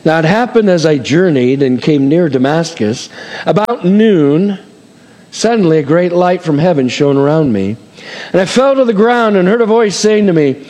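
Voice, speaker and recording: A man preaching a sermon, his voice swinging between loud and hushed. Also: fairly high pitch, lively intonation, moderate pace, big-room sound.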